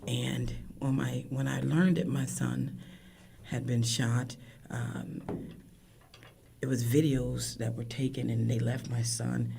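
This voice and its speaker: A woman in her fifties, a grieving mother, tells her story emotionally, her voice cracking and often falling to a hushed whisper. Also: a bass voice, little pitch movement, takes it slowly, vocal fry. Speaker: guest, bereaved mother. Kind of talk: emotional personal account.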